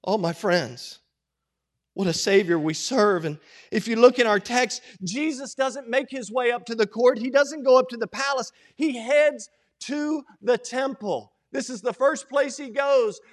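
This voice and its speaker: A man preaching a sermon as pastor. He moves from a quiet prayer into animated teaching that rises to loud quoted cries. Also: very high-pitched, normal speed. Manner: opens with a prayer, then preaches in an animated way, rising to shouted quotes.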